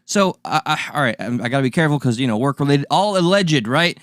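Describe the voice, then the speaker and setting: A man co-hosting a casual talk show, telling stories in an animated, profane way. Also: mid-range voice, quick pace, no echo, studio quality. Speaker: podcast co-host. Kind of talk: casual storytelling banter.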